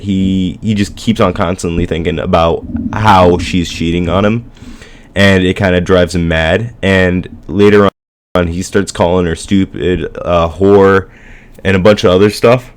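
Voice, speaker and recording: A man's voice: low voice, fairly even intonation, a little slow. A man casually retelling a story for a school project, rambling with lots of fillers and slang. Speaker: student presenting a school project.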